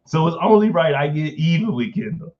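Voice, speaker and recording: A man's voice: a little high, lively intonation, measured pace, muffled recording. A man from the Midwest hosting a casual live stream. He jokes, swears freely and often breaks into laughter. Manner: joking, profane, breaks into laughter.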